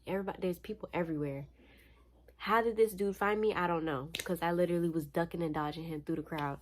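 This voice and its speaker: A young woman from Florida with a fairly low voice tells a personal story in casual storytime style. She talks animated and slangy, a little tired. Her delivery is chatty and conversational. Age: young adult. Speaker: vlogger.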